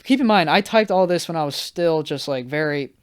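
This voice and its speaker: A man's voice: fairly high pitch, animated, a little fast, clean tone. A young man hosting a solo podcast, telling a rambling, self-mocking story and acting out what people said in raised voices. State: high and anxious. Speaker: podcast host.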